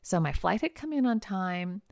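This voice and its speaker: A woman hosting a podcast, telling a personal travel story in a chatty, animated way with casual fillers. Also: medium pitch, normal speed, gravelly, dry recording, studio quality. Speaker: podcast host and trial lawyer.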